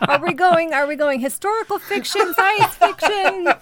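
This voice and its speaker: High, wry, giggly woman co-host. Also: moderate pace, crowd noise. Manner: wry, self-deprecating, giggly. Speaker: podcast co-host. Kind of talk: casual chat.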